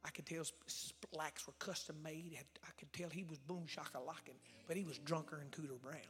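A man preaching a sermon as a visiting evangelist, telling stories in a folksy way and acting out the dialogue, swinging from loud outbursts to hushed whispers. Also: a little high, steady tone, fairly quick, long reverb tail, faint music behind. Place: church sanctuary.

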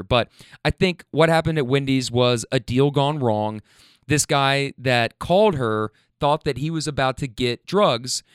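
A man's voice: mid-range voice, a bit bright, clear, resonant tone, dry recording, clean studio sound. A man, a rideshare driver, telling a story in a blunt, profane, rambling way. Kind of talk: casual storytelling.

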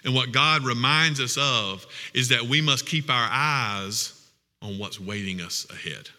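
A man preaching a sermon as pastor, with earnest, emphatic, drawn-out phrasing. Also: mid-range voice, pushed and bright, long reverb tail.

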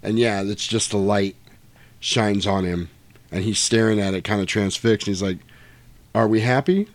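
A man's voice: fairly low pitch, little pitch movement, normal speed, dry recording. A man in casual chat, animatedly retelling a film scene and swearing freely.

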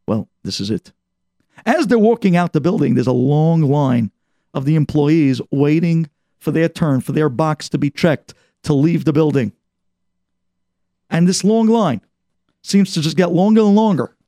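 A man preaching through a story with dramatic swings from loud to hushed. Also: a little high, dry recording, studio quality. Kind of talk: storytelling sermon.

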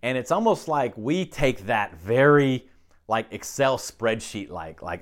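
A man's voice: medium pitch, animated, unhurried. Man preaching a conversational sermon. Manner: conversational preaching with frequent "okay?" check-ins. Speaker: pastor.

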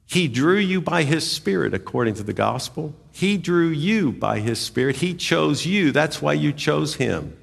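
Male pastor, sermon, emphatic, slightly high voice, very expressive pitch, echoing church hall. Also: measured pace, gravelly, few pauses, husky. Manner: animated, emphatic preaching with dramatic pitch swings. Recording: long hall reverb.

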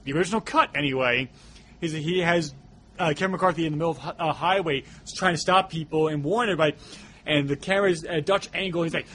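Male podcast co-host, slightly high, bright tone, rambling casual delivery, light hiss. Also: fairly quick, husky. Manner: rambling, filler-heavy, loose retelling. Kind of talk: casual movie discussion.

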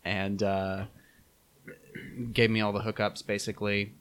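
A young man telling a travel story in a casual chat, animated and laughing, with many fillers. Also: lowish voice, a little slow, clean tone.

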